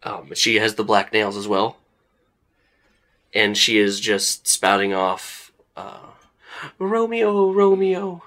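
A young man with a fairly low voice narrating a tabletop role-playing session as game master. He describes scenes in a relaxed, conversational way, padding his sentences with "like" and "uh". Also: slow, long pauses. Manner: casual, lots of "like" and "uh" fillers.

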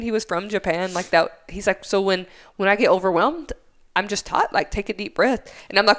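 A woman in her thirties from the United States tells stories in relaxed podcast chat, swearing freely and acting out every side of an argument. Her pitch sits in the middle for a woman. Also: brisk. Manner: animated storyteller who swears freely and acts out both sides of arguments. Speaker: podcast guest, former Air Force instructor. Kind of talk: casual chat, storytelling.

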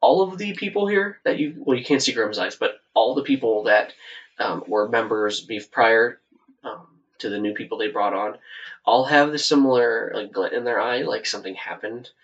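A man running a tabletop game as game master, narrating in a soft-spoken, meandering way. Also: medium pitch, moderate pace, far from the mic, muffled recording. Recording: voice set back from the mic.

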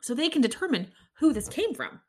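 A woman's voice: high-pitched, sing-song, brisk, slightly rough. A young woman hosting her own podcast, talking in a rambling, incredulous way with many restarts. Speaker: podcast host. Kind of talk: casual solo podcast commentary.

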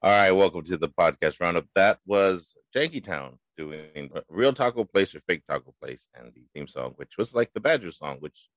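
Deep-voiced, lively male podcast host. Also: moderate pace, dry recording. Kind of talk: casual chat.

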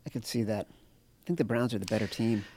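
A man's voice: lowish voice, steady tone, fairly quick, warm tone, a little hiss or hum. A middle-aged man co-hosting a podcast, chatting casually about sports betting, tired and yawning, cracking jokes. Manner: joking, sings improvised ditties. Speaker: podcast co-host.

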